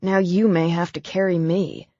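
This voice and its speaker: A woman's voice: fairly low pitch, flat delivery, normal speed, dark tone, no echo, dull audio, lightly acted. Woman playing a wry grown man wheezing in pain. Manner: dry, wheezing, grumbling.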